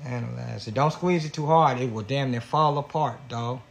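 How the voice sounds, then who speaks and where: A man's voice: medium pitch, moderate pace, vocal fry, a little hiss or hum. A man animatedly telling a profane story in casual chat with a friend.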